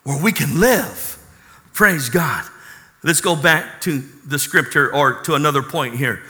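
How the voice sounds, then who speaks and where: A man's voice: on the high side, animated, unhurried, bright, forceful tone. A man preaching a fervent sermon and telling his testimony, calling out hallelujah. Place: church hall. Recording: echoey hall.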